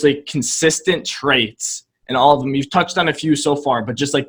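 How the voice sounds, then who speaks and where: A man who hosts an interview talks at an ordinary middle pitch for a man. He asks long, meandering questions and keeps restarting them. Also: slightly rough. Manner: hesitant, many fillers and restarts. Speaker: interviewer, host.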